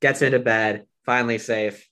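A man co-hosting a casual film discussion, calmly recapping scenes with frequent fillers. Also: mid-range voice, moderate pace. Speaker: podcast co-host discussing a film. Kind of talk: casual chat.

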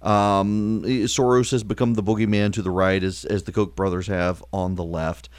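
A man hosting a call-in talk radio show, sarcastic and quick, full of uh fillers. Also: on the low side, flat delivery, darkish tone, clean tone, no room sound.

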